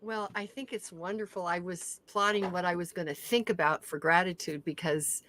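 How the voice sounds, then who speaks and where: A woman's voice: on the low side, steady tone, moderate pace, fairly bright tone, slight background noise. A woman guest on a video call, speaking gratefully, her audio unstable. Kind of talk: casual chat.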